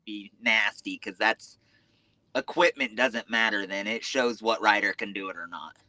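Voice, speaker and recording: A man speaks as a podcast guest in a bright, forward voice, recorded close and dry. He talks openly and without fuss. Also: on the low side, moderate pace, no room sound. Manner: easygoing, candid. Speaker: podcast guest, motocross rider. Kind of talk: casual interview chat.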